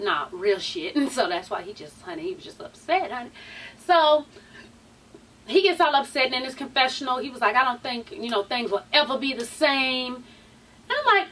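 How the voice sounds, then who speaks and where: High-voiced woman, a sassy chatty vlog host, a little off-mic. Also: expressive, a little fast, sharp tone, far from the mic. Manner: chatty and sassy, swears freely, says "honey" and "sweeties" a lot. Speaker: YouTube TV show recap host. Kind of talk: casual reality TV recap vlog.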